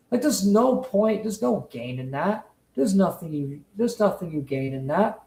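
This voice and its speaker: A commentary streamer rants with heavy emphasis and frequent swearing. The voice sits at a middle pitch. The room adds a noticeable echo. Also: expressive, a little slow, gravelly, warm tone. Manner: profane, emphatic, repetitive. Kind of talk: heated casual rant.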